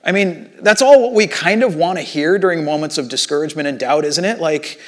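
A man preaching a sermon as a pastor, retelling Bible stories in lively acted-out voices and casual asides. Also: fairly high pitch, a little fast.

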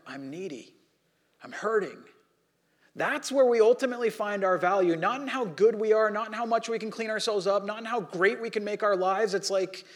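In his sermon, the pastor acts out quotes vividly as he tells a story, then drops soft and low whenever the lines turn prayerful.

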